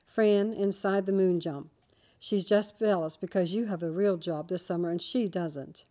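A woman's voice: fairly low pitch, moderate pace, mellow, close to an everyday voice. Woman voicing a kind, teasing teenage girl. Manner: friendly, playful.

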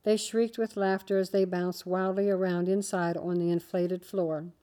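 Mellow-voiced woman reading a story. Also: on the low side, flat delivery, moderate pace. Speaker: narrator. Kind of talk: reading a children's story aloud.

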